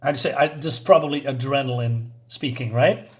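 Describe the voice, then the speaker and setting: A man's voice: mid-range voice, normal speed. A man reviewing a comic book in a chatty, casual way, with many fillers and asides.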